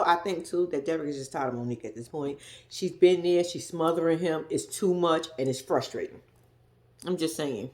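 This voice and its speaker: A woman giving a casual, blunt and profane recap of a reality show, talking in an animated storytelling way. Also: fairly low pitch.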